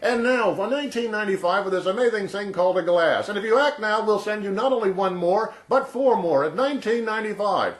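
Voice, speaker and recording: Older man mimicking a loud, high-pitched infomercial pitchman who never stops yelling, in a roomy echo. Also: expressive, fairly quick, hardly any pauses. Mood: shouting hype. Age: 60s. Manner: yelling, over-the-top pitch delivery. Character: shouting male TV pitchman, relentless hard sell.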